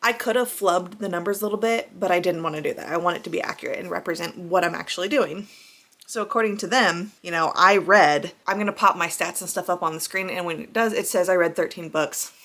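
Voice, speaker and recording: A woman's voice: fairly low pitch, a little fast, a bit bright. A young adult woman talking bluntly, with some swearing, in a casual book vlog. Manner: blunt and profane. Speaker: book vlogger.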